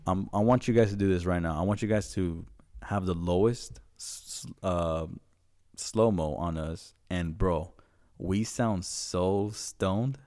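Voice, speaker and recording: A man's voice: sits low, unhurried, dark tone. A young man co-hosting a podcast, telling rambling, profane stories in casual chat. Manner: rambling, profane storytelling with quoted voices. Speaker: podcast co-host.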